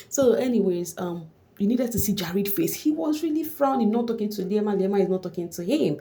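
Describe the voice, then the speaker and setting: A woman vlogger with a chatty, animated manner, recapping a reality show in casual gossip commentary. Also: medium pitch, brisk.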